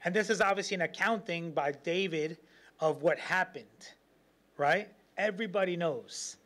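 A man's voice: sits high, moderate pace. A man preaching a sermon as pastor, telling stories with lots of laughter and acting out the voices of people in them. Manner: animated storytelling, laughs often, acts out quotes.

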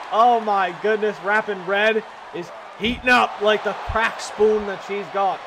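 A young man giving excited, profane play-by-play commentary on a wrestling video game, shouting at the big moves. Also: high-pitched, a little slow, few pauses. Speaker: gaming commentator. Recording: loud game crowd noise behind. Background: video game crowd and noise.

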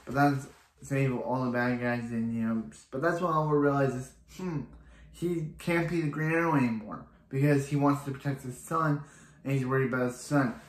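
A man's voice: medium pitch, moderate pace, reverberant. A man reviewing a TV episode in a casual, rambling recap full of restarts and filler words.

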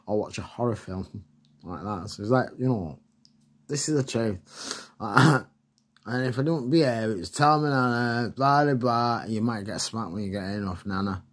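A man's voice: on the low side, moderate pace. A middle-aged man tells rambling stories in a chatty way, laughing often and filling his talk with fillers. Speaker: vlogger. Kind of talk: casual rambling storytelling.

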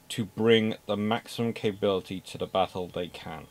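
A man's voice: fairly low pitch, fairly even intonation, moderate pace, few pauses, a little mellow. A man giving an unscripted naval history talk, emphatic, repeating words for stress and adding dry asides.

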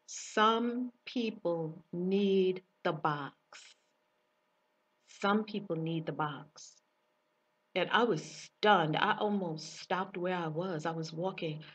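A woman's voice: mid-range voice, breathy edge. A woman speaking as a spiritual teacher in a personal monologue to camera, telling her story emphatically and repeating phrases for weight. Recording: dull distant recording.

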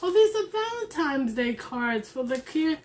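Excitable woman vlogger, slightly high voice, slow unhurried delivery, faint room noise behind. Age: adult with a son. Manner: gushing, excitable, talks to viewers. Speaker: crafting vlogger. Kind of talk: casual unboxing chat.

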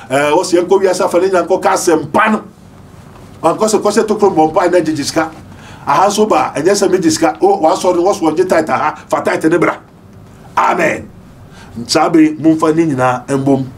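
A Ghanaian man preaching fervently, switching between prayer and warnings, sometimes rising to a shout. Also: high-pitched. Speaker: prophet.

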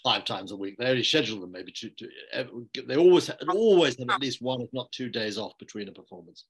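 An older man, a theatre director speaking in an online interview, telling stories in a measured, anecdotal way with frequent restarts. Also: medium pitch, expressive, breathy edge. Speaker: theatre and film director, guest. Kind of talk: reflective interview conversation. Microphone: online video call.

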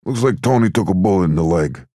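A man's voice: deep voice, expressive, fast talker, dark tone, no echo, studio quality, voice pushed up. A man voicing a sardonic gangster henchman in an audiobook. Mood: wry. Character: wisecracking male gangster henchman.

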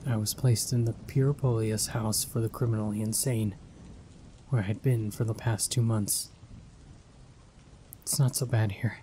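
A man reading a first-person horror story aloud in a measured, ominous storytelling manner. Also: lowish voice, steady tone, warm tone, slight background noise. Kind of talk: scripted horror narration.

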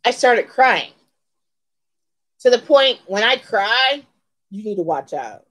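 Poor audio carries a somewhat high, sing-song voice that is slow and fairly bright. It belongs to a woman in her forties, host of a beauty channel, venting in a storytime vlog with heated emphasis and lines repeated for effect.

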